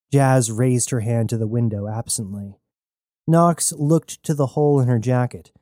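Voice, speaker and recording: Guy reading a story out loud, mellow warm tone, dead dry sound. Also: medium pitch, normal speed, no room sound. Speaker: audiobook narrator. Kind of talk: scripted story narration.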